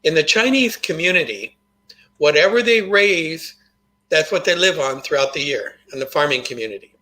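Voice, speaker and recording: A man's voice: a little high, lively intonation, quick pace, bright, forceful tone, poor audio. An older man, a guest on an interview show, telling a personal story in an earnest, folksy way. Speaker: guest, motivational author.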